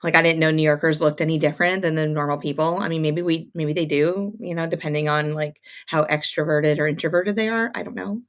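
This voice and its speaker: This woman has a lowish voice with a gravelly fry running through it. She talks casually on a sewing livestream, greeting viewers one by one and rambling happily between topics. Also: fairly even intonation, fairly quick, hardly any pauses. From upstate New York, near Montreal. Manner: chatty, greets viewers by name, rambling asides. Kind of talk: casual live-stream chat.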